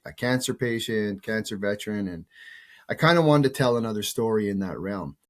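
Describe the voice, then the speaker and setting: A man's voice: fairly low pitch, fairly quick. A man in his fifties, a show host who is sick with a cold, telling a personal story in a casual, rambling way with restarts and the odd swear word.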